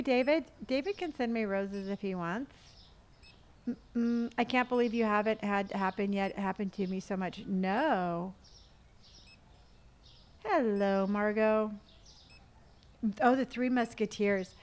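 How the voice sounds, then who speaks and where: Chatty woman streamer, slightly high voice. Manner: chatty, thanks viewers for gifts and answers chat; hums and counts money under her breath. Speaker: game streamer. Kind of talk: casual live-stream chat while playing.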